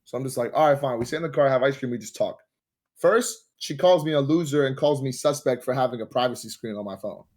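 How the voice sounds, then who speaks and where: A young man spins a dating story on a casual podcast, swearing freely and getting animated. His voice sits in an ordinary middle pitch. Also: fast. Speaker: podcast host.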